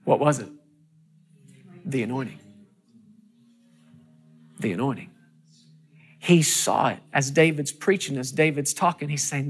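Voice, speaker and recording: A passionate preacher delivering a sermon who keeps turning to the listeners with questions. The delivery climbs repeatedly into loud, high peaks, then drops back down. The voice sits at a middle pitch. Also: unhurried, long pauses, breathy edge. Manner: asks the audience questions.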